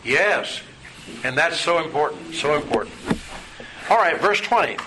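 A man's voice: on the high side, lively intonation, unhurried. A man teaching a Bible study class, asking his students questions in a patient, folksy way. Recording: noisy room recording.

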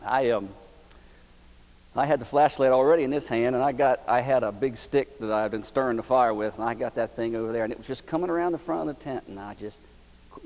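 A man's voice: mid-range voice, a little mellow, long reverb tail, rough recording. A man preaching a sermon as pastor, telling stories in a folksy, emphatic way.

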